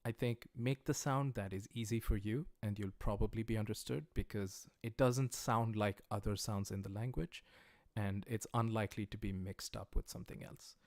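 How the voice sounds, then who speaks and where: Low-voiced American man teaching a livestreamed lesson. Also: normal speed, hardly any pauses, darkish tone. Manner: patient, plain explanations with frequent "uh" and "um". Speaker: language teacher. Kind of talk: livestreamed lesson, explaining as he writes. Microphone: livestream microphone.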